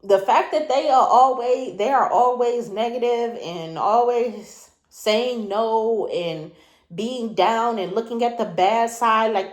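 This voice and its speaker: A woman with a slightly high voice gives a spiritual reading, speaking in a reflective, chatty way. She keeps circling back to the same rhetorical questions. Her voice carries a noticeable room echo. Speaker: spiritual reader. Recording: echoey room.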